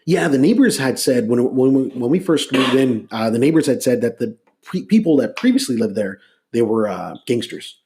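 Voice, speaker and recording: A man's voice: medium pitch, moderate pace. Middle-aged musician guy from la, laid back, tells stories with lots of ums. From Los Angeles. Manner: relaxed storyteller, many fillers and restarts. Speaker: guest musician. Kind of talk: casual interview.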